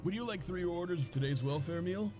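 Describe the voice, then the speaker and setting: A man's voice: high voice, a little fast, natural voice. A man voicing a polite cafeteria cook in a video game who serves a duke with courteous deference. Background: game music.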